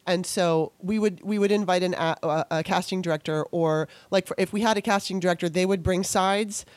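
A woman hosting an interview, a former actor telling a lively story in casual chat with many restarts. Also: fairly low pitch, a little fast, no echo. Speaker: podcast host and former actor.

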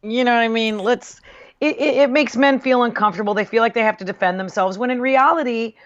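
A woman's voice: fairly high pitch, fast. A woman co-hosting a podcast, speaking earnestly with hesitations in casual chat. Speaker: podcast co-host. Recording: slightly dull sound.

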